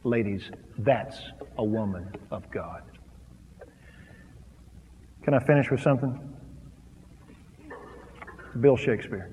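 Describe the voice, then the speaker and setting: A middle-aged man preaching a sermon, animated and jokey, with dramatic pauses. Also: lowish voice, slight background noise. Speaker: pastor. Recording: long hall reverb.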